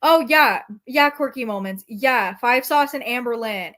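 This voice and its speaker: A woman's voice: on the high side, unhurried, pushed and bright. A woman streamer reacting to her chat in casual commentary, sarcastic and profane.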